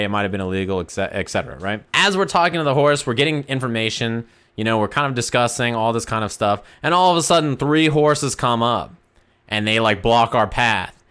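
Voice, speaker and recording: A man's voice: medium pitch, smooth. A man streaming, casually telling a rambling, profanity-laced story to his chat. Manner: animated, profane, rambling anecdote.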